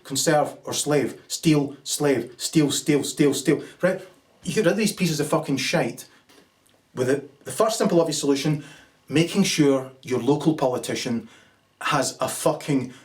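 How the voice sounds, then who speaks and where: A man's voice: a little high, far from the mic. A man delivering an angry, profane political rant, full of sarcastic asides and acted-out little scenes. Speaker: political commentator. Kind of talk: ranting monologue.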